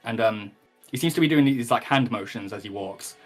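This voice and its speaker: A man's voice: mid-range voice, lively intonation, a little fast, faint music behind. A man narrating a tabletop game as game master, rambling along with many ums and likes and the odd swear word.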